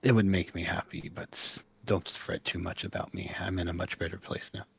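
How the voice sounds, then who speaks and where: A man voicing the soft, reassuring ghost of a grandfather in a tabletop game. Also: low voice, steady tone, moderate pace, gravelly, breathy edge, lo-fi sound, exaggerated voice. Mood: tender. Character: gentle ghostly avatar of a grandfather.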